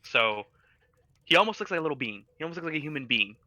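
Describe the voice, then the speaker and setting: A man narrating as dungeon master in a tabletop game, with loose, animated description. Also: fairly high pitch, fast, dry recording.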